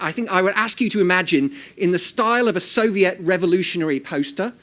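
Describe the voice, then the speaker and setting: A middle-aged man with a somewhat higher voice gives an after-dinner talk at an event. His humor is dry and self-deprecating. He speaks into a handheld microphone in front of the audience. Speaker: invited speaker. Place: event hall before an audience.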